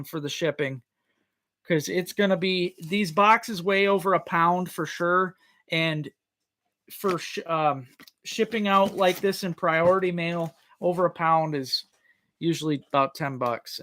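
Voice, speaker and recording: A man's voice: high-pitched, pushed and bright. A man hosting a casual live-stream auction, calling out bids over and over, chuckling and greeting viewers by name. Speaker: livestream host running a tackle auction.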